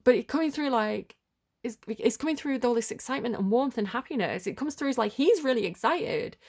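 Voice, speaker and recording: A woman's voice: fairly high pitch, expressive, brisk, a little mellow. A woman giving an unscripted tarot reading, rambling and tentative as she thinks aloud and fills her talk with "like" and "kinda". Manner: rambling and chatty, full of "like" and "kinda". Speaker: tarot reader.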